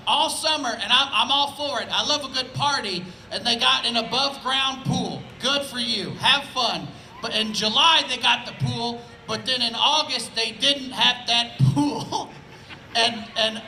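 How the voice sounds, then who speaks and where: A man's voice: very high voice, a little slow, pushed and bright, roomy sound, a little hiss or hum, low-quality recording. A man from Indianapolis doing laid-back, conversational stand-up on an outdoor festival stage, often asking "right?". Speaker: stand-up comedian. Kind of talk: live stand-up comedy.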